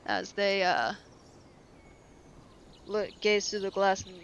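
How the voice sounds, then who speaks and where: A woman's voice: medium pitch, lively intonation, slow, pauses often, highs cut off, slight background noise. A woman narrating as game master of a tabletop role-play, rambling with many fillers and easy laughs.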